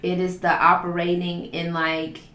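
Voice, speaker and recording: A woman's voice: on the low side, completely flat delivery, measured pace, a bit bright, echoey room. A woman giving a spiritual tarot reading in a flowing, repetitive, affirming way, stacking up lists of phrases. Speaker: tarot reader.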